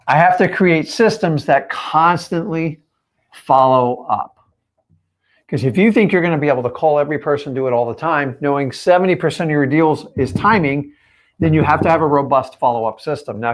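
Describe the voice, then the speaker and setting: Male coach, fairly high voice, punchy emphatic live-stream delivery, lots of rhetorical questions. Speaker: real estate coach.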